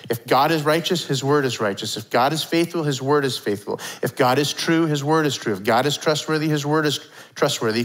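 A man's voice: on the high side, low-quality recording. Conversational male preacher. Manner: conversational, animated preaching with fillers and acted asides. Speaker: pastor. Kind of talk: sermon. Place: church hall before a congregation.

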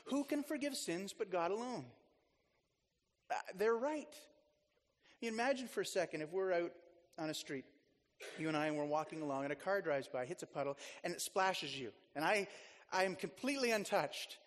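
High-voiced male pastor in echoing church. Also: expressive, fairly quick, fairly bright tone. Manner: chatty and storytelling, with frequent restarts and asides. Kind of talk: conversational sermon.

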